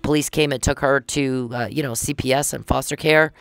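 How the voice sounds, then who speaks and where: A woman's voice: rumbling low, steady tone, brisk, clear, resonant tone, no echo. A middle-aged woman hosting a podcast, chatting casually and indignantly as she recounts events and acts out the conversations she had. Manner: chatty, indignant, retells conversations with quoted dialogue. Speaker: podcast host.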